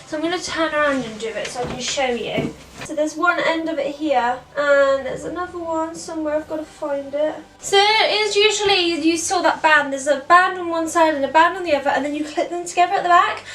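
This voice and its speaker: A woman's voice: high-pitched, a little fast, bright, forceful tone, roomy sound, distant mic. A British woman explaining a costume tutorial step by step in a chatty way. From Britain. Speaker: costume character performer. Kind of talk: tutorial narration.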